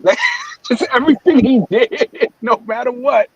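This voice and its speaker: High-voiced man ranting with profanity. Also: animated, moderate pace, creaky, slightly rough, no room sound, dull audio. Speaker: host. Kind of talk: casual live-stream chat.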